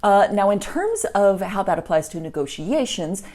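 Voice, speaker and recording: An American woman co-hosting a casual political chat, with dry, deadpan humor. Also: mid-range voice, normal speed. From United States. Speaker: podcast co-host.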